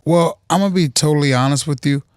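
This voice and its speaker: A man's voice: a little high, fast talker, smooth, no room sound, studio quality. A man talking as a podcast guest in casual conversation, emphatic and motivational, telling stories. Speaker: guest, cannabis company co-founder.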